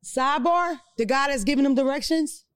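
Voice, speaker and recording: High-voiced woman riffing with profane humor. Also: brisk, no room sound, clean studio sound. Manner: animated, profane, joking storyteller. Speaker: podcast host. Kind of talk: casual podcast chat.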